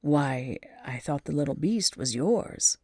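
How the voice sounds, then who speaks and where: A woman reading aloud and voicing an athletic young gentleman who talks in a stammering, chivalrous, old-fashioned manner, a little lower than her own voice. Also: expressive, takes it slowly, breathy edge, no echo, studio quality, exaggerated voice. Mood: puzzled.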